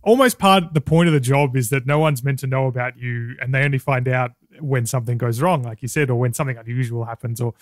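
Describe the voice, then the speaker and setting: A man's voice: mid-range voice, fast talker, few pauses, no echo, studio quality. A man hosting a podcast, asking long, winding questions in a casual interview. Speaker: podcast host.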